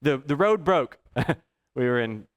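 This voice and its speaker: A man's voice: mid-range voice, a little slow. A man preaching a sermon, telling personal stories and chuckling often. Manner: chuckles often, lively storyteller. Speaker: pastor.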